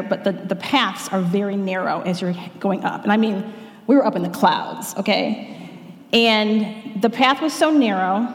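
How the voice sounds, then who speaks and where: A woman sharing an earnest church testimony, breaking off and restarting now and then, with prayers quoted along the way. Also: mid-range voice. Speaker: speaker giving a testimony. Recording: echoey hall, long reverb.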